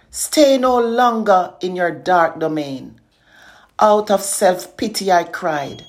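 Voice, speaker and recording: Slow, earnest woman reciting a devotional poem. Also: medium pitch, expressive, darkish tone. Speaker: poet and inspirational speaker.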